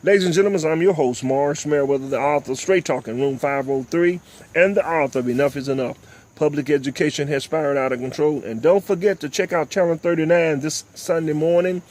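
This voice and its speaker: An older man, hosting a talk show and delivering impassioned, preachy commentary, often repeating "ladies and gentlemen.". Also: on the high side, fast. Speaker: host.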